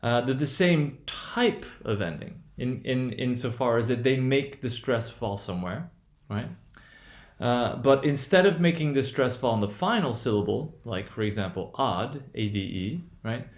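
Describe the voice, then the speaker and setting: A man gives a recorded lesson at a middle pitch, talking in a hesitant, searching way with plenty of fillers and restarts. He explains slowly and circles back to repeat his points. His voice rings in a noticeably echoey room. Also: expressive. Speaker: English pronunciation teacher.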